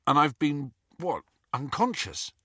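Shaken teen boy wizard, short uneasy answers, reader doing him, bright dry sound. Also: mid-range voice, sing-song, measured pace, dry recording, full character voice.

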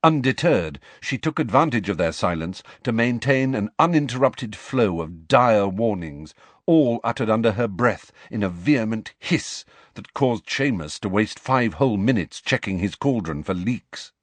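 A man reading a novel aloud as an expressive audiobook narrator. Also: normal speed, dry recording. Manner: expressive storytelling with wide pitch swings. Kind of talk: scripted narration.

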